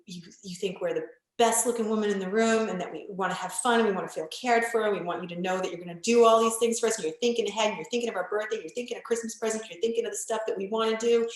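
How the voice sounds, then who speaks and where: A woman coach speaking in a candid podcast conversation, blunt and emphatic, with occasional swearing. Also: medium pitch. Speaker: relationship coach guest. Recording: very echoey room.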